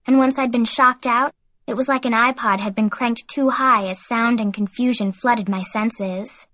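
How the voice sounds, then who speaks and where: A woman reads a first-person young adult novel aloud in a lively teen-girl voice. Her pitch sits on the high side. The recording is dry and close, with no room sound. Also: normal speed, dry recording. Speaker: audiobook narrator. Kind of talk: first-person audiobook narration.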